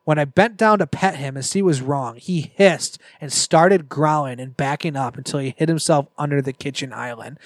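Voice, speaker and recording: A man's voice: fairly high pitch, normal speed, no room sound. A man on a podcast reading a scary story aloud and breaking off for joking asides. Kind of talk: casual storytelling read-aloud with banter.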